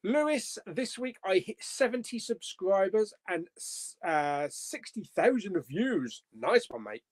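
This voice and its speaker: A man's voice: sits high, very animated, measured pace. A young man casually hosting a live movie chat stream, reading out viewer comments, joking and laughing often. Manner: chatty, laughs often, jokey.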